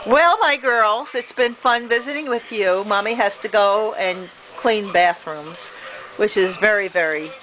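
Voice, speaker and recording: A woman's voice: mid-range voice, measured pace, a bit bright. A middle-aged woman chatting to her pet birds in a sing-song voice, filming on a porch in the rain. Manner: sing-song baby talk to birds, with frequent laughs. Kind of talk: casual talk to pets. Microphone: handheld camera. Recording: noisy outdoor camera audio. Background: rain and bird sounds.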